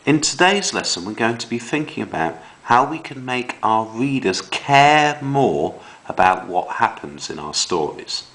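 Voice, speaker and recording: A man teaching young children a writing lesson, reading examples aloud with slow dramatic emphasis. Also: mid-range voice, poor audio. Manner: slow, lively delivery with dramatic read-aloud. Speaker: primary school teacher.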